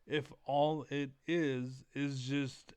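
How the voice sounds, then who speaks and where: Man, ranting commentary, profane, energetic, smooth voice, middle pitch. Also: very slow, dry recording. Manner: profane, blunt, many fillers like 'basically'. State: keyed up, energetic. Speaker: online commentator reacting to a video.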